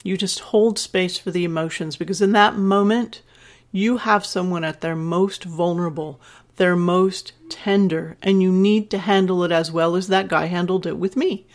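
At a normal pace and with fairly even intonation, a woman over fifty speaks in a fairly low voice. As a podcast host and sex educator, she gives a listener frank advice and shares personal stories in a soothing, educational manner.

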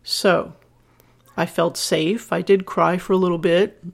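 A woman's voice: fairly low pitch, steady tone, unhurried, creaky. A woman over fifty, a sex educator and podcast host, talking frankly and candidly to a listener and telling personal stories in a reassuring teaching tone. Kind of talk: podcast advice talk to a listener.

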